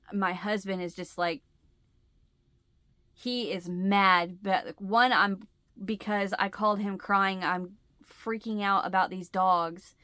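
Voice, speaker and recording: A woman's voice: lowish voice, a bit bright, clear, resonant tone, no room sound. A middle-aged woman hosting a crochet channel, chatting casually to her viewers and telling a rambling story, often losing her words and restarting.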